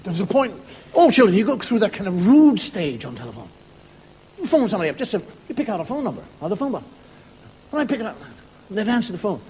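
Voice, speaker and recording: Lively high-voiced Irish storyteller man. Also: fast, breathy edge. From Ireland. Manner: storytelling, acting out voices of family and callers. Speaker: stand-up comedian. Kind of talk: stand-up monologue. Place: television studio with live audience. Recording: audience laughter and noise behind. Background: audience laughter.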